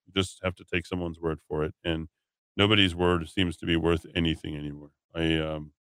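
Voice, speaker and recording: A man's voice: low-pitched, flat delivery, brisk, a bit bright, clear, resonant tone, no room sound. A man hosting talk radio, reading listener comments aloud with blunt, sardonic asides.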